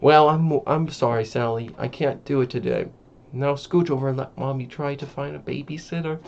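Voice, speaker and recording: A man reading the lines of a frazzled, busy working mother, hurried and apologetic, on a dull lo-fi recording. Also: mid-range voice, fairly even intonation, creaky, darkish tone, natural voice.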